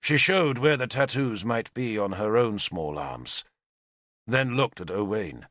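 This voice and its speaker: A man's voice: fairly low pitch, animated, slow, fairly bright tone, no room sound, clean studio sound. A man narrating an audiobook expressively, voicing every character. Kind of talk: scripted narration.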